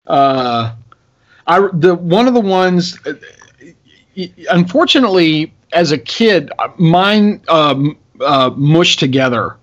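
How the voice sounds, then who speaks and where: A man's voice: a little high, lively intonation, slow pace, fairly bright tone. A man co-hosting a podcast in casual chat, answering in a hesitant way. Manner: hesitant, filler-heavy replies. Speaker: podcast co-host. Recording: dull lo-fi podcast audio.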